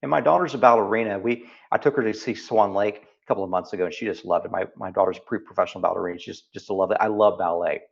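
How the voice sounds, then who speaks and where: A man's voice: fairly low pitch, fast, vocal fry, hardly any pauses. A man with a Texas accent, talking earnestly in an interview and often repeating phrases for emphasis. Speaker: interview guest. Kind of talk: reflective interview conversation. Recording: slightly dull lo-fi audio.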